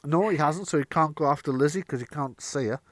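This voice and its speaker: Male game master, casual and giggly, fairly high voice. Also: brisk, dry recording. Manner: laughing often, casual and animated. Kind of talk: narrating a tabletop game.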